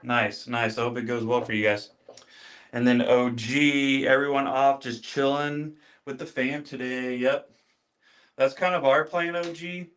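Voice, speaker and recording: A man's voice: medium pitch, level tone, measured pace, fairly bright tone. Chatty man hosting a beard-care livestream. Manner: chatty, greets viewers by name, repeats phrases. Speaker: livestream host. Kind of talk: casual livestream demo.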